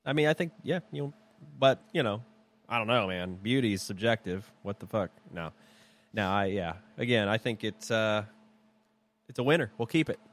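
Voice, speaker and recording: A man's voice: lowish voice, animated, normal speed. A man co-hosting a casual podcast, rambling and profane, often restarting his sentences. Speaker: podcast co-host.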